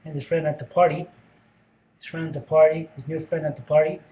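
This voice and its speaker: Man, fairly high voice, rambling casual movie recap full of restarts; muffled lo-fi recording. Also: level tone, brisk, slight background noise. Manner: rambling, many restarts and repeated phrases. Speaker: movie reviewer.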